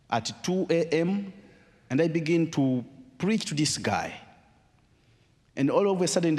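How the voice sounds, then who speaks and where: A man giving a personal testimony as a guest speaker, telling his story with dramatic pauses. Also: fairly high pitch, a little mellow, in a large hall.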